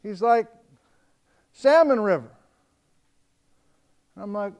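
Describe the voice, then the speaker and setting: A man's voice: high-pitched, slow pace, long pauses. An American man giving a public geology lecture to a live audience, telling stories and acting out the dialogue. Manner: animated storyteller, acts out quoted dialogue.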